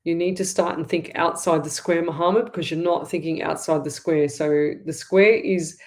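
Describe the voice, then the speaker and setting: A woman's voice: deep voice, fairly even intonation, moderate pace, darkish tone. A middle-aged Australian woman hosting a live psychic reading, chatty and rambling, often repeating herself. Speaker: psychic medium host.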